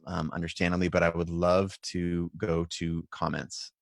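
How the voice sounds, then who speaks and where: A man hosts a live video Q&A over a live-stream setup with a video call, talking to viewers and callers in a loose, conversational, encouraging way. His low-pitched voice is level in tone, at normal speed with vocal fry, and the recording is dry and clean like a studio.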